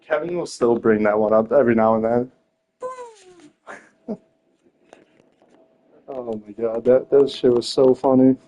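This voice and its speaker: Young man, casual storytelling, constant laughter, swearing, slang fillers, lively pitch. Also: slow, long pauses.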